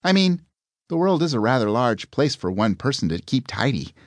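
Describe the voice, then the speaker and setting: A man's voice: mid-range voice, very animated, normal speed, no room sound, voice pushed up. A man voicing a prim, courteous young woman in an audiobook, speaking with formal phrasing. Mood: polite.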